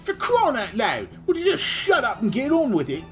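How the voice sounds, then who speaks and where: A man voicing a brash young woman thief with a mock Australian accent, shouty and exaggerated. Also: very high-pitched, wildly swooping pitch, normal speed, faint music behind, voice pushed up, heavily acted. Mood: feisty.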